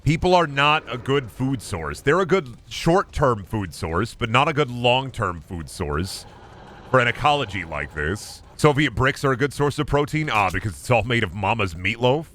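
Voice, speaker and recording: A young man talks over his game stream in a loose, profane ramble full of joking tangents. His voice is bright and ringing. His pitch swings widely as he riffs. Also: very animated, moderate pace, a little hiss or hum. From United States. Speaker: streamer playing a video game. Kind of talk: casual gaming commentary.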